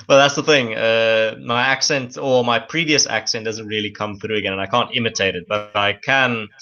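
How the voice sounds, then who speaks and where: A man's voice: mid-range voice, fairly even intonation, moderate pace, sharp tone, muffled recording. A South African man whose first language is Afrikaans, chatting casually as a guest. His accent leans toward English South African, and he laughs easily. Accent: South African, softened toward English South African. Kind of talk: casual conversation.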